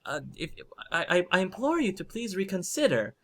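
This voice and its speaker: A man's voice: high voice, wildly swooping pitch, fairly quick, voice pushed up, full character voice. A man voicing a cheerful, clever young female dwarf inventor who talks in a bubbly, flustered way.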